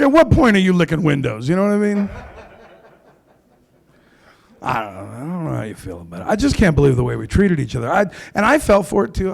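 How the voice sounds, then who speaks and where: A man's voice: on the high side, gravelly. A man doing stand-up comedy in a comedy club, brash and crude with mock outrage.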